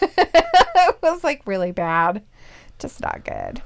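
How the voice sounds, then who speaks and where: A woman's voice: sits high, very animated, slow. A woman co-hosting a live stream, chatting casually and playfully while watching wrestling. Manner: playful, giggly, acts out wrestlers' lines.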